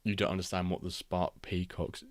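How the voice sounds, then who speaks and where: A man, chatting casually and reacting excitably while hosting a live football watchalong stream. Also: deep voice, normal speed, no echo. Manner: rambling, excitable reactions to match action.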